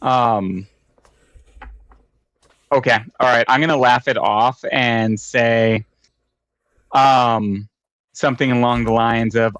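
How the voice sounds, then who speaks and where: A man's voice: mid-range voice, steady tone, takes it slowly, pauses often, a bit bright, no room sound. A man playing a tabletop game, talking casually with frequent hesitations. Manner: hesitant, many ums. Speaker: player. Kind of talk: casual chat.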